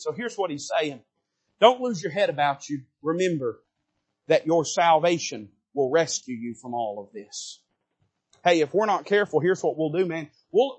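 A preacher, a man delivering a sermon from the pulpit. His voice sits high and a little husky, and he builds with fervent emphasis, dropping into plain folksy talk before climbing again. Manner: fervent, rising to emphatic peaks with folksy asides. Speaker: pastor.

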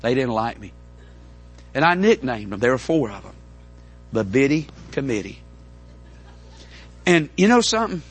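A middle-aged man, preaching a folksy, animated storytelling sermon to a congregation. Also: medium pitch, normal speed, pauses often, slightly rough, soft background music. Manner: folksy, animated, with repeated stammering restarts. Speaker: pastor. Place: church in front of a congregation.

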